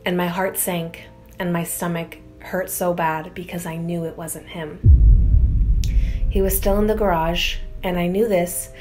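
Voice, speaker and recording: A woman's voice: on the low side, little pitch movement, measured pace, a little mellow, soft background music. A young woman on her own channel, reading viewers' scary stories aloud in a chatty, filler-heavy way and getting easily spooked. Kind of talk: casual storytelling read-aloud.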